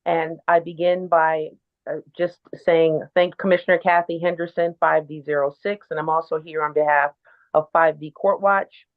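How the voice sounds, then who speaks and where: A woman commissioner testifies at a public hearing in a formal, emphatic way. Her voice is notably low. It comes through a tinny, phone-like line. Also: level tone, normal speed. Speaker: neighborhood commissioner.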